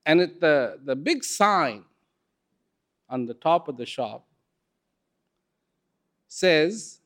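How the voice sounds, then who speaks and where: A man telling a story in a talk, unhurried and expressive, with dramatic pauses. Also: a little high. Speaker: speaker.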